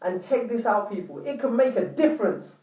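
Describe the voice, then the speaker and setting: A man's voice: high voice, very animated, fairly quick, a little mellow, recorded from a distance. A man giving relationship advice to camera in an earnest, repetitive way, often calling viewers "people". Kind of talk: direct-to-camera advice talk. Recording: echoey room, voice off-mic.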